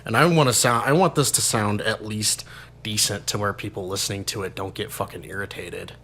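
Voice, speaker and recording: A man in his thirties hosts a loose podcast chat with friends, rambling and swearing freely. His voice is bright and forward, with a faint hiss behind it. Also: lowish voice, fairly quick, creaky. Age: 30s. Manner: rambling, swears a lot, laughs often. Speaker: podcast host. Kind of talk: casual chat.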